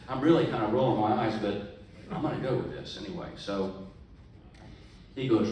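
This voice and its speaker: A man's voice: on the low side, fairly quick, long pauses, a little mellow, slight background noise. A man telling a folksy, chatty joke story to a club meeting, talking straight to a friend in the audience. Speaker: club speaker. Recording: echoey room from far off.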